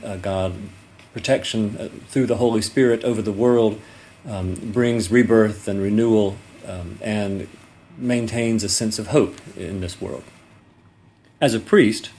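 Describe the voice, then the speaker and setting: Male lecturer, slightly low pitch, unhurried classroom delivery, lots of ums and false starts. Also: a little mellow. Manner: measured, frequent ums and restarts; reads poetry aloud with raised, emphatic delivery. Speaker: literature lecturer. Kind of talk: recorded lecture.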